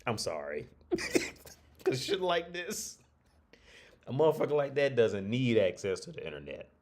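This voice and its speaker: A man's voice: medium pitch, very animated, normal speed, a little mellow. A man streaming a casual rant, blunt and profane, rambling with frequent restarts.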